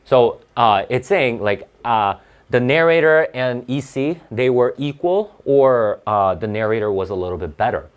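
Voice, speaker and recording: A young male tutor walks students through a reading passage in a relaxed, blunt way. His pitch swings widely as he keeps asking rhetorical questions, with plenty of "uh" and "right?" along the way. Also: moderate pace, clean tone, dull audio. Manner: casual, blunt and animated, asking rhetorical questions with many fillers. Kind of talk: online tutoring lesson, reading a passage aloud and explaining it.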